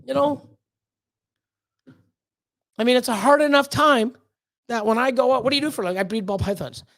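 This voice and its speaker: A woman's voice: high voice, moderate pace. A woman streamer ranting casually to her chat, swearing constantly and stumbling over her words as she gets worked up. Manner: swears constantly, stammers and restarts when worked up. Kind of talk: heated casual rant.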